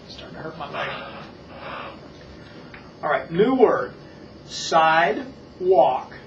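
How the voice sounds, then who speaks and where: An instructor coaching a small child in a reading drill for watching parents, patiently repeating and stretching words out slowly. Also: mid-range voice, sing-song, gravelly. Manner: patient, repetitive drilling with slow exaggerated words. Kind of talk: demonstration lesson for parents. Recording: echoey, distant, muffled old tape with hiss.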